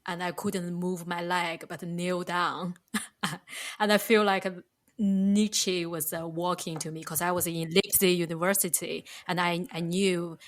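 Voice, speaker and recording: A woman hosting a podcast, asking her guest curious questions with soft laughs and short agreeing sounds. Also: on the low side, level tone, a little slow. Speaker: podcast host. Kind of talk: interview questions.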